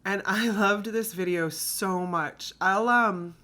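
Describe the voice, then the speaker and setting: A woman's voice: mid-range voice, slow, bright, forceful tone. A woman from the United States chatting casually as she shows off her thrift finds, rambling and correcting herself as she goes. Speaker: thrift reseller vlogger. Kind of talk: casual haul chat.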